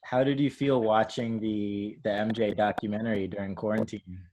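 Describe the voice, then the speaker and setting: Low-voiced male interview host. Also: fairly even intonation, moderate pace, darkish tone. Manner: brief reactions, asks questions. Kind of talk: interview questions.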